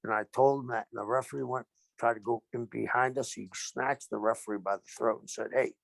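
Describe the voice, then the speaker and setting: Gravelly older man telling wrestling stories. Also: mid-range voice, brisk, dry recording. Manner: animated anecdotes with acted-out quotes. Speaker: guest, retired pro wrestler. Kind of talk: storytelling interview.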